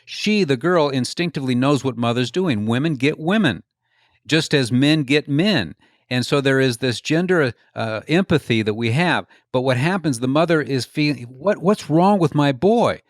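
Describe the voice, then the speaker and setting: In clean studio sound without echo, an author and speaker answers interview questions conversationally, in a mid-range voice with lively intonation and a moderate pace. He explains his ideas earnestly, often through stories and acted-out quotes, repeating words as a point takes shape.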